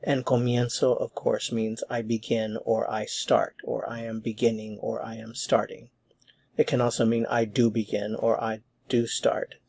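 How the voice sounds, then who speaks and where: Gravelly-voiced man teaching grammar patiently. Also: mid-range voice, completely flat delivery, darkish tone. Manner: patient and methodical, repeats words slowly for practice. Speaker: Spanish teacher. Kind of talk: explanatory grammar lesson.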